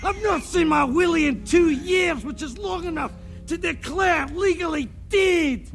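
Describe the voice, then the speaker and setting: A man's voice: very high voice, measured pace, creaky, over music, full character voice. An actor playing a crude, boastful obese henchman who bellows gross jokes.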